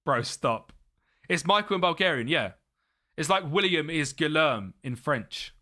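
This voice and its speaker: Young british guy on a live game stream, bright voice, mutters and laughs a lot. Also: a little high, lively intonation, a little slow. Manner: chatty, muttering to himself, laughs often. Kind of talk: live gaming stream commentary.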